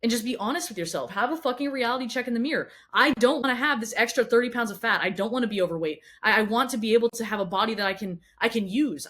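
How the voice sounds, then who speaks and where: A woman's voice: a little high, fairly bright tone. A woman fitness coach giving a blunt motivational monologue to camera. She fires questions straight at the listener, repeats words and swears freely.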